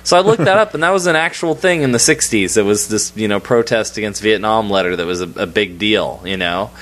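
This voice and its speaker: A man's voice: lowish voice, brisk, fairly bright tone. A man co-hosting a casual podcast, thoughtfully analyzing a film's main character. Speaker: podcast co-host.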